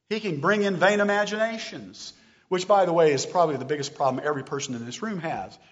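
A man preaching a sermon to a congregation, animated and often asking them questions. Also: a little high, muffled recording. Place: church hall with live stream.

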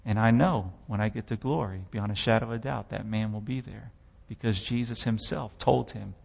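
A man's voice: fairly low pitch, normal speed, vocal fry, few pauses, darkish tone, slightly rough, big-room sound, highs cut off. A man giving a sermon testimony, telling his story with impassioned, dramatic swells.

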